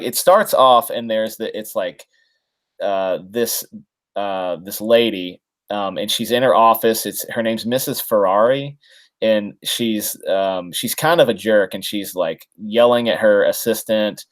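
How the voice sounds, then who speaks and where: A man's voice: on the low side, takes it slowly. A man co-hosting a casual comics podcast, recapping a story with lots of ums and restarts. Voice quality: rambling, many fillers. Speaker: podcast co-host. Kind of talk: casual chat.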